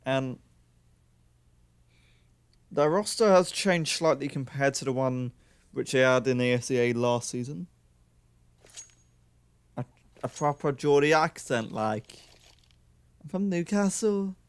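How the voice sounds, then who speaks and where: A man's voice: mid-range voice, measured pace, long pauses, clear, resonant tone, no echo. A young man casting a live esports match, calling the play and chatting in joking asides. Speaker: esports caster.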